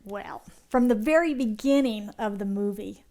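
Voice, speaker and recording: A woman minister giving a sermon, retelling a story with animated delivery and checking in with her listeners. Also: mid-range voice, moderate pace.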